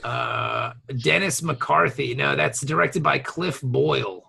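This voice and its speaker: A man with a gravelly, husky voice co-hosts a casual podcast chat. He sits a little higher than most men, with a sharp, bright edge to his tone. He jokes around, slips into quick impressions and laughs a lot. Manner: joking, jumps into quick impressions, laughs often. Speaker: podcast co-host.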